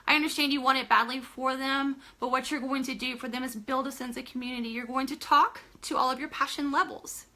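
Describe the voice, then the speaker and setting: A woman's voice: sits high, steady tone, fairly quick, few pauses, sharp tone. A woman giving a live motivational talk to team leaders, emphatic and direct, repeating phrases for stress and asking viewers to comment. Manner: addresses listeners directly, asks for comments.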